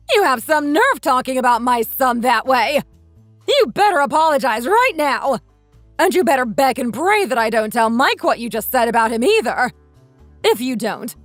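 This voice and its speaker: A woman's voice: sits high, no echo. A woman voicing a spiteful, domineering mother-in-law around sixty who scolds and insults, in a dramatized text-story reading. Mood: indignant.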